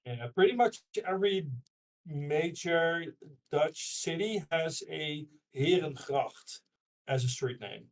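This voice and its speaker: Slow-talking man heard from off-mic. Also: a little high, lively intonation. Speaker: stream guest. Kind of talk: casual chat. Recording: distant from the mic.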